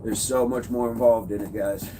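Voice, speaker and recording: A man's voice: mid-range voice, fairly even intonation, moderate pace. Upbeat man chatting on a noisy livestream. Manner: upbeat, reads and answers viewer comments. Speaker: fitness coach livestreaming. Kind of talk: casual livestream chat. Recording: noisy background.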